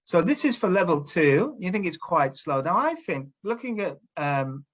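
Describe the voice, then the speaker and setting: A man's voice: high-pitched, big pitch swings, normal speed, fairly bright tone, breathy edge, dull audio. A man training teachers, explaining classroom drilling step by step and often checking in with "okay?". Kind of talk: instructional talk to teachers.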